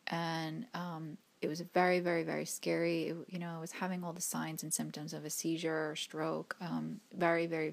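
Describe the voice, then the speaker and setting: A woman speaks in a fairly low register with a lot of fry in her voice. She tells a personal spiritual story to her viewers, looping back, restarting her sentences and sometimes dropping to a near whisper. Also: darkish tone. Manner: rambling, restarts, many fillers, drops to a whisper at times. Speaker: spiritual reader and vlogger.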